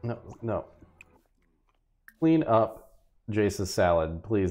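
A man's voice: lowish voice, sing-song, drawn-out words, pauses often, a little mellow. A man streaming a game and chatting casually, laughing often and exclaiming at what happens on screen. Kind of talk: casual gameplay commentary.

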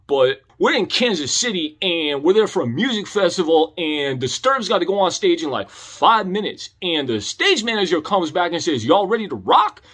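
A man's voice: sits high, lively intonation, moderate pace, hardly any pauses, fairly bright tone. A young man telling a comedic story in a laid-back, slangy way, calling the listener homie and dog.

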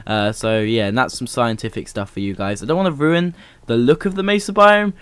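A man's voice: medium pitch, brisk, a bit bright, clear, resonant tone, no echo. A young man giving casual, rambling let's-play commentary as host of a gaming channel, full of "uh" fillers and upbeat remarks.

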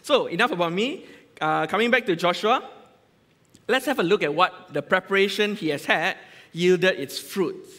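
Malaysian English male lay preacher, chatty and self-interrupting, slightly raised pitch, recorded with reverb in a church hall. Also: animated, normal speed, a bit bright. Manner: chatty, joking, full of restarts. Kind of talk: casual conversational sermon.

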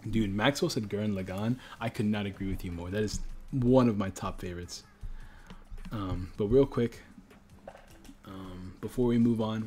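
Opening card packs on a livestream, a young male host talks directly to chat, building hype through slang and chants he repeats. His voice is mellow and fairly low in pitch.

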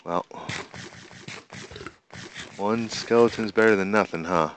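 A man casually commenting on his own gameplay, excitable and talking to the animals and monsters he meets. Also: lowish voice, takes it slowly, a little hiss or hum. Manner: excitable, talks to the animals and mobs in the game. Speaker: gamer. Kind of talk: casual let's-play commentary. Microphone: desk microphone.

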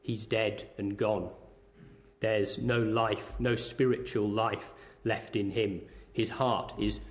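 A man preaching a sermon with a measured, deliberate delivery, reading scripture aloud and explaining it. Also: fairly low pitch, flat delivery.

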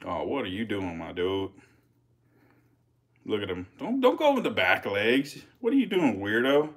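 A man giving casual live-stream commentary as a reptile keeper, chatty with viewers, swearing and getting excited. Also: fairly low pitch, a little slow.

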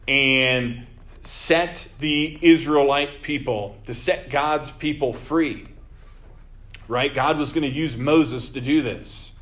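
A man leading a Bible study as vicar, teaching earnestly with emphatic repeated phrases. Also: mid-range voice.

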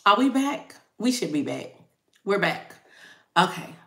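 A woman chats with her live-stream viewers as a tarot reader. She talks slowly and loosely, laughing easily, and her voice has a bright, forceful edge. The sound is roomy and echoey. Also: medium pitch, very animated, creaky. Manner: chatty, laughs easily, reads out viewer comments.

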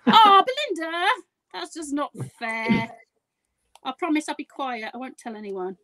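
Chatty, giggly woman with a higher voice. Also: lively intonation, a little slow, sharp tone, no room sound, low-quality recording. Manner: chatty, giggly and self-deprecating. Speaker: guest crafter demonstrating a project. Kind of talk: live craft demonstration.

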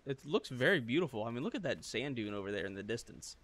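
Excitable young man playing games. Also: medium pitch, fast talker. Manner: excitable, joking, bursts into loud shouts. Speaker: let's play host. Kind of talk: casual gaming chat.

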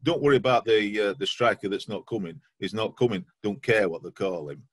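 A man's voice: on the low side, a little fast, fairly bright tone, slightly rough, no room sound. A man co-hosting a casual football podcast, talking with dry, self-mocking humour. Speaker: podcast co-host.

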